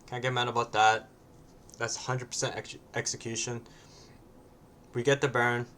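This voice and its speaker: A man's voice: medium pitch, level tone, normal speed, a bit bright, a little hiss or hum. A man casually commenting on his own match, often ending points with a questioning "right?" and sometimes swearing bluntly.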